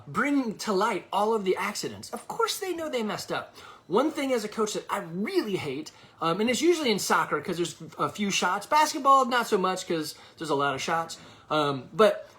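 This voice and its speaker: A man who coaches youth sports, giving blunt, animated advice to sports parents. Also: high voice. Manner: blunt, animated, lively delivery.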